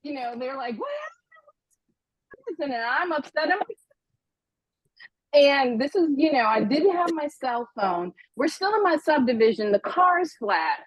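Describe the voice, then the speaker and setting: A middle-aged woman telling a personal story in a casual, animated, self-deprecating way. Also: high-pitched, moderate pace. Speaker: guest storyteller. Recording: dull lo-fi sound.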